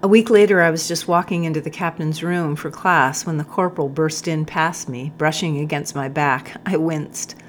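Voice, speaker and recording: Woman audiobook narrator, deep and low, calm measured read. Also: a little hiss or hum.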